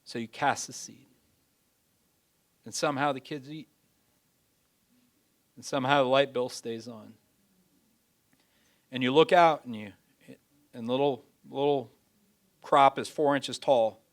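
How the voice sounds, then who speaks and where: Brief: male preacher, sermon delivery, folksy talk, mid-pitched voice, builds loud then drops to a hush. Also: unhurried, long pauses. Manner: dramatic, swings from loud pleading to hushed; folksy everyday phrasing.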